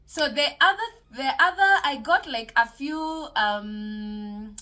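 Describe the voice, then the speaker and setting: A woman's voice: a little high, expressive, takes it slowly, sharp tone. A woman hosting a solo podcast, talking casually and encouragingly about mental health and faith, with many fillers and restarts. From Kenya.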